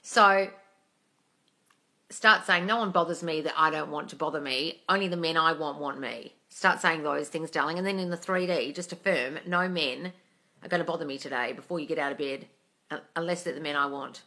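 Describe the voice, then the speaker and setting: A woman's voice: low-pitched, normal speed, pushed and bright. A young woman hosting a casual live Q&A, answering viewer comments bluntly, swearing freely and calling people darling. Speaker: manifesting coach and livestream host.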